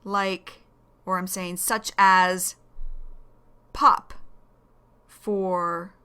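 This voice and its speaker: A woman with a Northern US accent talks at an unhurried, careful pace, like a teacher explaining English words one at a time. Her pitch sits in a middle range, and she repeats each key term to let it sink in. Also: lively intonation, fairly bright tone. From United States. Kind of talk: slow explanatory language lesson.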